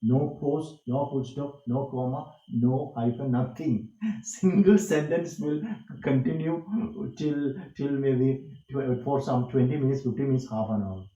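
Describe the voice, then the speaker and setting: A man's voice: medium pitch, measured pace, dark tone, lo-fi sound. A man teaching a workshop on communication skills, emphatic and repetitive, asking rhetorical questions. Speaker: workshop instructor. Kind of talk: online lecture on communication skills. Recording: echoey room.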